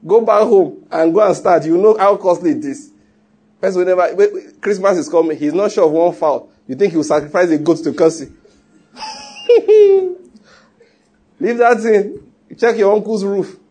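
A man's voice: sits high, a little fast, a little mellow, breathy edge. A man preaching a sermon, emphatic and teasing, often repeating his points. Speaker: pastor.

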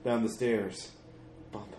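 A man's voice: lowish voice, fairly even intonation, slow, warm tone. A man reading aloud a note in the voice of a grief-mad middle-aged father, haunted and guilty, in broken, fragmented phrases. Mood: distraught. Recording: echoey room with faint noise.

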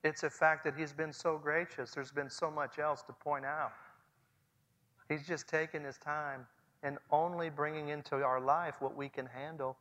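Earnest forties guy preaching, bright sharp voice, long hall echo. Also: a little high, level tone, moderate pace. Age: 40s. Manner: earnest, swings from soft to loud. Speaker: pastor. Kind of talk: sermon.

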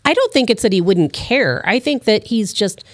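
A woman co-hosting a political talk show, earnest and explanatory. Her pitch rises and falls with lively movement, and her voice is recorded close and dry. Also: normal speed, no echo.

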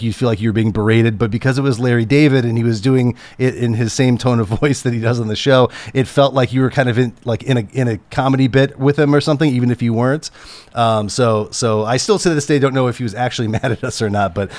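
A man's voice: medium pitch, steady tone, a little mellow, no echo. Man telling a story in a dry close sound. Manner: halting, chuckles through the story. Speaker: camera operator guest. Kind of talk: casual anecdote telling.

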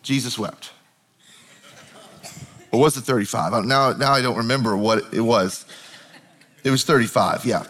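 A man preaching a sermon, telling a Bible story in a conversational, animated way. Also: medium pitch, moderate pace, long pauses. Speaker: pastor.

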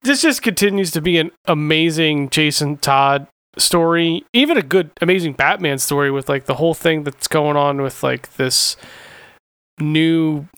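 A man's voice: a little high, normal speed, fairly bright tone, smooth, no room sound. A man co-hosting a casual podcast, talking bluntly and swearing a lot. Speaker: podcast co-host. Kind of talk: casual comic book chat.

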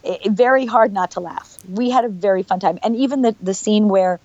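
A woman's voice: mid-range voice, fairly quick, darkish tone. Woman, middle-aged, actress guest, casual interview, bubbly, frequent laughs, lo-fi muffled audio. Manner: bubbly, chatty, laughs often, rambling restarts.

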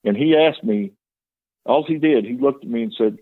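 A man's voice: medium pitch, normal speed, slightly rough. A man tells his own story with earnest, plain-spoken feeling, his voice in a middle register. The sound is thin and tinny, like a phone line, with no room echo. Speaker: guest telling his testimony. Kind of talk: candid personal testimony.

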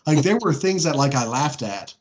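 A man's voice: mid-range voice, big pitch swings, moderate pace. A man co-hosting a podcast, talking casually and rambling with many fillers and frequent laughs. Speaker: podcast co-host. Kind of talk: casual chat.

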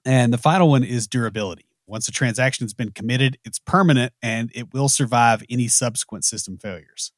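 A man's voice: medium pitch, a little fast, few pauses, dry recording. A man with a Southern US accent, co-hosting a casual technical talk with dry joking asides. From American South. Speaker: podcast co-host.

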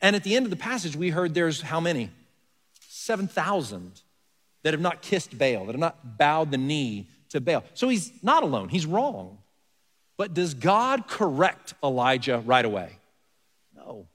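A man's voice: a little high, very animated, measured pace, a bit bright. A man preaching a conversational sermon as pastor. He asks the congregation rhetorical questions and leans hard on key words. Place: church sanctuary. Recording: long reverb of a large hall.

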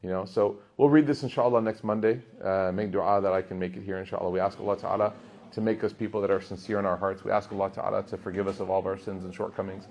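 A man in his thirties giving a casual religious talk to a gathering, telling jokey stories about his kids and getting loud in the funny parts. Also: low-pitched, fast, slight background noise. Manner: storytelling, jokey, animated, rising loud in funny bits. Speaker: religious teacher. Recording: dull lo-fi sound.

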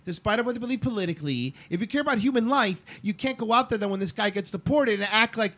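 A man's voice: high-pitched, expressive, fast, fairly bright tone. A man in a casual talk show discussion, emphatic and stumbling over repeated words when heated.

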